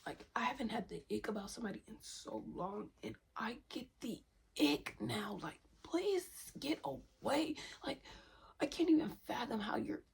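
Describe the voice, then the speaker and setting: A woman's voice: fairly high pitch, animated, normal speed, vocal fry, slightly rough. A young woman venting to camera in a candid self-help rant, profane and emphatic, repeating lines for stress and dropping into whispers. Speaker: vlogger.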